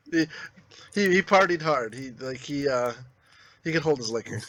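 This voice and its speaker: A man's voice: fairly high pitch, expressive, a little slow, a crowd in the background, rough recording. A man co-hosting a podcast, telling rambling party anecdotes with frequent restarts. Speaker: podcast co-host. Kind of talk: casual storytelling.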